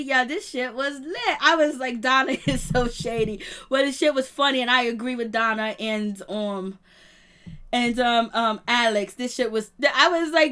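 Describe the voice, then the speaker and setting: A woman's voice: sits high, normal speed. A woman hosting a live show, recapping a reality episode in slang-heavy casual talk, acting out quotes and laughing often. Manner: animated retelling, acts out quotes, frequent laughter. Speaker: YouTube show host reviewing reality TV. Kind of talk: live-stream commentary chat.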